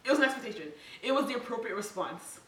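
Fast-talking woman in a roomy space. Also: fairly high pitch, expressive, a crowd in the background. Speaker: podcast co-host. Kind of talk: casual podcast chat. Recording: roomy, distant, faint hiss.

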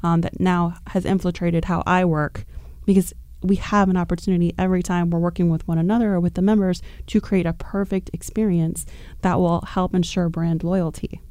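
Chatty low-voiced woman telling a story. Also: a little fast, dry recording, clean studio sound. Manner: animated, chatty, full of fillers. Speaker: podcast guest. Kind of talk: casual podcast storytelling.

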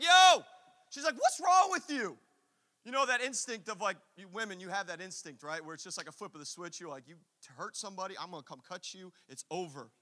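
A man preaching a sermon, telling a story with lively acted-out quotes and asides. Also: extremely high pitch, in a large hall. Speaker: pastor.

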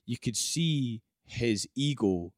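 A man's voice: medium pitch, lively intonation, takes it slowly, no echo, clean studio sound. A man in casual chat, opinionated and sweary, restarting his sentences often.

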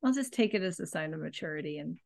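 A woman's voice: deep voice, expressive, fast talker, creaky. A woman co-hosting a podcast in casual chat, self-deprecating and often laughing. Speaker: podcast co-host.

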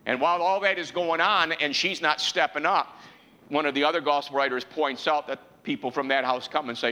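A man preaching a sermon in a church, calling out questions to the congregation and building to an impassioned pitch. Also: fairly even intonation, brisk, sharp tone, big-room sound, low-quality recording.

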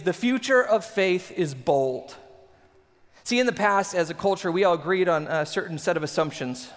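A man, preaching a sermon in an animated, conversational way with laughs. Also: sits high, long reverb tail. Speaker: pastor.

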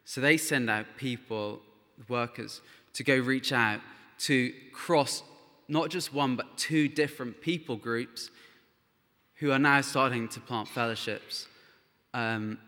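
A man's voice: medium pitch, sharp tone, big-room sound. A man telling missionary stories to a church gathering, earnest and chatty, with frequent fillers. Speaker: missionary speaker. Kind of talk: church testimony talk.

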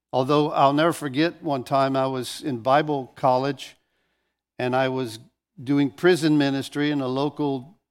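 A man pastor preaching a sermon, telling stories with animation and often restarting phrases. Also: medium pitch.

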